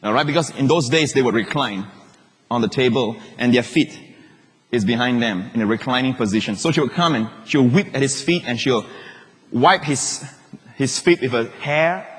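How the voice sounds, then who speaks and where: Emphatic preacher man, husky, hall echo. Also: medium pitch, moderate pace. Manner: emphatic, repeats phrases, swings from shouting to hushed asides. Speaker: pastor. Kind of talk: sermon. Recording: long reverb of a large hall.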